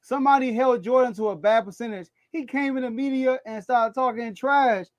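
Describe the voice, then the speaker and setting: A man co-hosting a sports podcast, arguing his take in a casual, animated way, laughing often and repeating words as he thinks aloud. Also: very high-pitched, a little fast, no echo.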